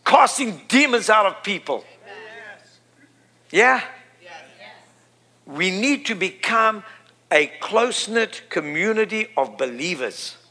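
Bright-voiced emphatic male preacher. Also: high voice. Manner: emphatic, repeats phrases, builds to loud peaks. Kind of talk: sermon.

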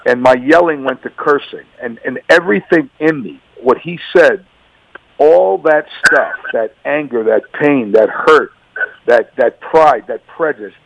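A man with a gravelly, creaky voice tells his faith story in earnest, emphatic testimony, leaning on repeated words. The sound is dry and close, with no room around it. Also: medium pitch, no room sound, low-quality recording. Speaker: radio guest. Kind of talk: personal testimony.

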